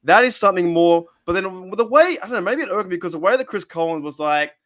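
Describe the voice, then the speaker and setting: An Australian man hosts a casual sports podcast in a high, expressive, slightly bright voice at a fast clip. He talks loosely and rambles, restarting sentences and using many fillers.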